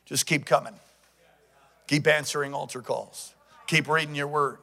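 A man preaching a sermon as pastor, with fervent call-and-response that swings between shouting and quiet storytelling. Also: on the high side, fairly even intonation, normal speed, vocal fry.

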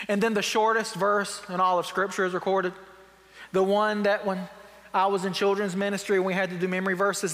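A man pastor preaching a sermon, retelling scripture in casual everyday words, wry and emphatic, sometimes dropping to quiet reflection. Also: sits high, big-room sound. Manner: conversational storytelling, paraphrasing scripture in everyday speech.

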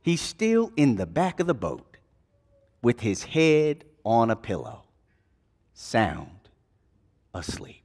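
A man preaching a sermon, retelling a gospel scene in dramatic, folksy storytelling that swings between hushed and loud passages. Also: mid-range voice, wildly swooping pitch, slow, gravelly, long pauses. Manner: casual, folksy turns of phrase.

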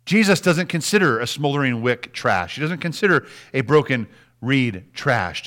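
A middle-aged man preaching a sermon as a pastor, animated and dropping to soft, hushed words for emphasis. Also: a little high, normal speed.

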